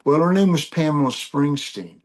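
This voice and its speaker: An older man, a musician, telling lively anecdotes in an interview, laughing as he goes. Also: fairly high pitch, normal speed. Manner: animated storyteller, laughs often. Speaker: guest musician. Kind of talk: storytelling interview.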